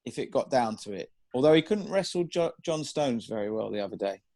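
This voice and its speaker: A man co-hosting a casual football chat, making dry, deadpan jokes. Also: medium pitch, brisk, vocal fry. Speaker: podcast co-host.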